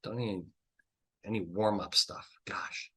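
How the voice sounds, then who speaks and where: A man's voice: on the low side, fairly even intonation, takes it slowly, bright, forceful tone, husky. A man hosting a podcast, giving blunt, emphatic advice with swearing and exasperated outbursts. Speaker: trial consultant podcast host. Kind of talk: animated solo podcast talk.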